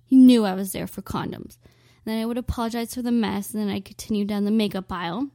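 A woman's voice: medium pitch, steady tone, quick pace, mellow, dry recording, studio quality. A young woman telling a self-mocking comic story, rambling and dramatic, with lots of "like". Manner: dramatic, exaggerated delivery.

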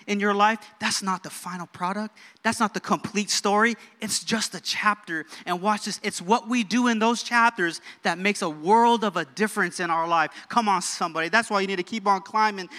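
A young man preaching a sermon in a church, energetic and calling out for amens from the crowd. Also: sits high. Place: church sanctuary. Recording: reverberant church hall.

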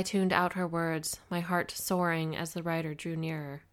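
A woman narrating a first-person audiobook in a steady, expressive reading. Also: deep voice, moderate pace, hardly any pauses.

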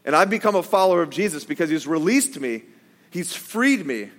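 A male pastor with a high-pitched voice gives a relaxed, joking sermon, acting out quotes as he goes. His voice rings with the long reverb of a church hall. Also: a little fast. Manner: conversational, joking asides, acts out quotes. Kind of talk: casual sermon.

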